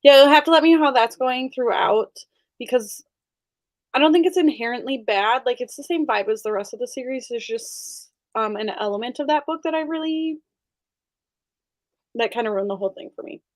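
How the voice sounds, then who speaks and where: A bubbly woman chats casually as she hosts a group reading call, laughing often between remarks. Her voice sits a little high. The sound is dry and close, with no room echo. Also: normal speed. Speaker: host of an online group reading session. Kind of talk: casual chat.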